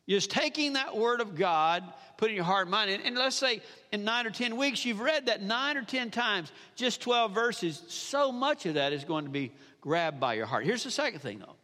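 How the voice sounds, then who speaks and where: A man's voice: high-pitched, animated, normal speed, hardly any pauses, pushed and bright. A male pastor, preaching a sermon emphatically, repeating phrases and asking the congregation questions. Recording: long hall reverb.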